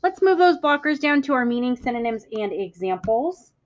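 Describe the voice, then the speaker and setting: A woman teacher giving a classroom vocabulary lesson, speaking clearly and deliberately, stressing words for the class to echo. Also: sits high, sing-song. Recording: muffled lo-fi audio.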